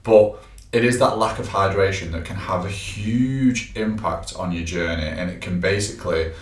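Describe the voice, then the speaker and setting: A personal trainer co-hosting a podcast chats casually and explains tips, using lots of fillers. His voice sits low at a moderate pace, and he sounds a bit far from the mic in an echoey room.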